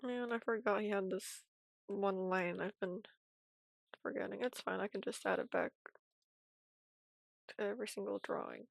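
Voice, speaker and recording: A woman streaming animation from home, giving casual commentary while she draws, in a soft, quiet, half-whispered way. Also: medium pitch, fairly even intonation, moderate pace, creaky, long pauses, no echo.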